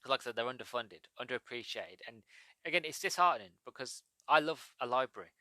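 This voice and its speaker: Man, British accent, bright tone, casual solo podcast talk, rambling, dry close recording. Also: mid-range voice, animated, fast, no room sound. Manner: chatty, rambling, digressive. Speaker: podcast host.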